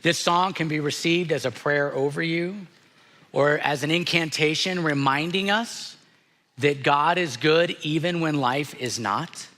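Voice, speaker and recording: Pastor, male, unhurried reflective sermon delivery, crisp bright tone, echoing sanctuary. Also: on the high side. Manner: slow, earnest and reflective, dropping softly on hard moments. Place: church sanctuary. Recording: church sanctuary with long reverb.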